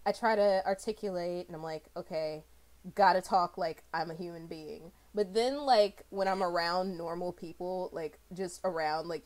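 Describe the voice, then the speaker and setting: A woman's voice: lowish voice, a little mellow. Rambling, self-mocking woman from the US. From United States. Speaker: co-host. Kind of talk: casual chat over a drawing stream.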